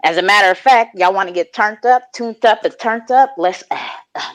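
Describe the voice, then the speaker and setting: A woman from California hosting a casual live audio chat in a relaxed, slangy way, laughing often. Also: medium pitch, brisk. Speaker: host.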